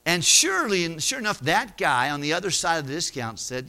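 Animated, high-voiced folksy preacher man. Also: a little fast, hardly any pauses. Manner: folksy, conversational, acts out voices. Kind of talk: sermon storytelling.

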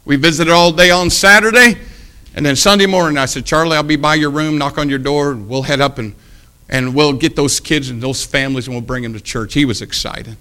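Middle-aged male preacher, animated sermon storyteller, bright tone, slightly high pitch. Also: fairly quick. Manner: animated, breaks into loud shouts.

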